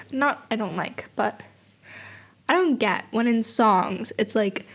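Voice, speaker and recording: A young woman vlogging casually, rambling softly and sometimes dropping to a whisper. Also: fairly high pitch, animated, slow pace. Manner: soft, rambling, drifts into whispers. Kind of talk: casual late-night vlog chat.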